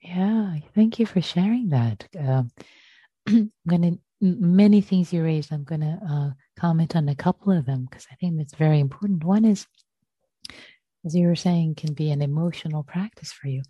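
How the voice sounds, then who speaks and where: A woman leading an online meditation group as its teacher, speaking gently and slowly in a reassuring way over a video call. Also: sits low, slightly rough, dry recording, highs cut off.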